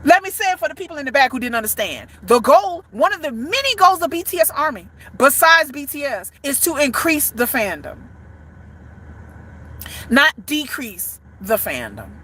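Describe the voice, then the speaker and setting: A woman with a high, bright and forceful voice delivers ranting commentary as a content creator. She is blunt and emphatic and curses freely. Her delivery leans into every point. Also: big pitch swings, moderate pace. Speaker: boy band fan content creator.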